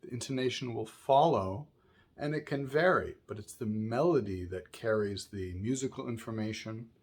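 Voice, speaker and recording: A man's voice: lowish voice, normal speed, breathy edge. Patient man teaching a music lesson. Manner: patient, explanatory, often asks "right?". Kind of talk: music lesson with sung examples.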